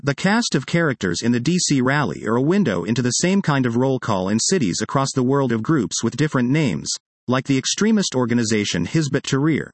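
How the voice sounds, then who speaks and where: A man reading an opinion article aloud in a steady, measured way. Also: medium pitch, no echo. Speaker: article reader.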